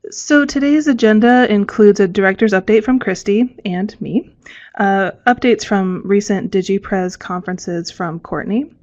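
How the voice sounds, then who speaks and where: A woman's voice: mid-range voice, measured pace, a little mellow. Woman MC on muffled online audio. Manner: friendly, hesitant, with many fillers. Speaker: communication strategist and forum MC. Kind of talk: online presentation.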